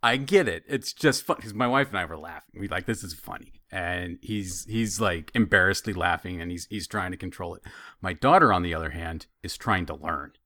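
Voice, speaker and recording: A man with a fairly low but very bright voice, swooping up and down as he tells an animated family story. He sounds close and dry, with a lively, chatty delivery. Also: a little fast, no echo. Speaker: podcast co-host. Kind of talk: casual chat.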